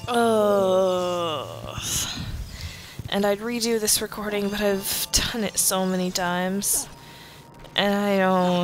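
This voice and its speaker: A sleepy young woman giving casual commentary over her gameplay, yawning and halting between fillers. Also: medium pitch, expressive. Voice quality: drowsy, halting with many fillers. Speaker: let's play commentator. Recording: game music behind voice. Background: game music.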